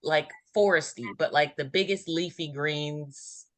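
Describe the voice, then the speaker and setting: A woman giving an intuitive numerology reading in a casual group chat, meandering and filling pauses with ums. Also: deep voice, fairly bright tone, no echo. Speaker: numerology reader.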